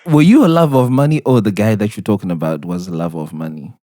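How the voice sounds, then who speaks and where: A man's voice: on the low side, fast, dark tone, no room sound, clean studio sound. A man hosting a podcast, chatting casually with a guest, playful and teasing, laughing often. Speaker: podcast host. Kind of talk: casual interview chat.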